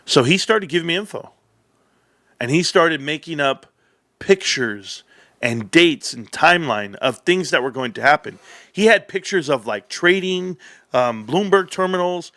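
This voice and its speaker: A man hosts a livestream and rambles through a story in an animated way, swearing and breaking off into asides. His voice is bright and forceful. It sounds dry and close, with no room around it. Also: on the high side, a little slow, dry recording. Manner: animated, profane, with many restarts and asides. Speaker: livestream host.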